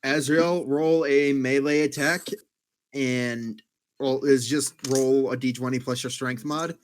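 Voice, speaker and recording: A man's voice: medium pitch, fairly even intonation, takes it slowly. Man, game master, tabletop game narration, casual, laughs often, hunts for words. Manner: loose, laughing, searching for words.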